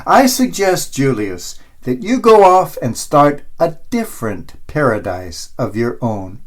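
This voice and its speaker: A man's voice: medium pitch, sing-song. A man voicing a stern, unimpressed old Saint Peter. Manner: stern, dismissive, measured.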